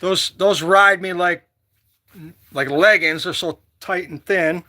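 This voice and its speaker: A man from Michigan vlogging casually, rambling and joking with loud whoops. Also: sits high, fairly even intonation, takes it slowly. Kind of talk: casual outdoor vlog chat.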